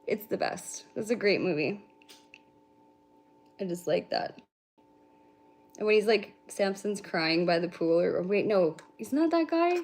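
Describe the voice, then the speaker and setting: A woman's voice: mid-range voice, lively intonation, measured pace, pauses often, darkish tone. A young adult woman from Canada hosting a casual livestream, rambling to her viewers, swearing freely and laughing often. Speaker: livestream host and spiritual reader.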